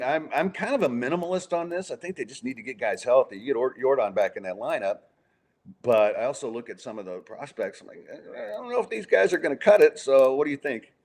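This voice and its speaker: A man's voice: mid-range voice, lively intonation, moderate pace, a little mellow. A man hosting a sports podcast in casual chat, asking his guest open questions in a conversational way. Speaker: podcast host.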